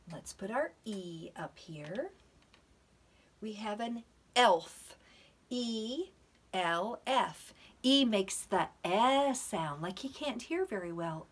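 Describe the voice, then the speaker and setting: Woman, preschool teacher, sing-song, very lively pitch, slow delivery. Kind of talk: preschool lesson to camera.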